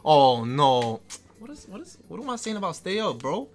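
A man streaming a basketball video game live, talking fast and loose to his chat, excitable and quick to yell or laugh. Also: sits high, husky, soft background music. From New York. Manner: excitable, trash-talking, bursts into yelling and laughter. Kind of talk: live gameplay commentary.

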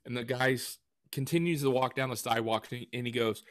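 A man co-hosting a podcast in casual chat, telling stories with lively retellings. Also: mid-range voice, fast, hardly any pauses, no room sound, studio quality. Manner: animated storyteller who acts out quotes. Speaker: podcast co-host and woodworker.

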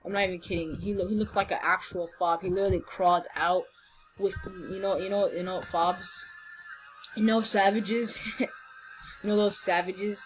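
In a steady, mid-range tone at normal speed, a young woman offers playful commentary on the game she's playing. The recording is low quality, and she teases freely while frequently stammering and beginning her sentences again.

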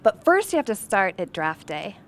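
A woman's voice: mid-range voice, big pitch swings, normal speed. A woman sports reporter conducting an interview, asking upbeat prompting questions. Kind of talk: sideline interview.

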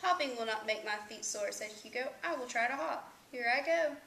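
A woman's voice: on the high side, normal speed, creaky, bright, forceful tone, reverberant, a little hiss or hum. A woman voicing a silly male elephant with sore feet, with plaintive exclamations, in a storybook reading. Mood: earnest.

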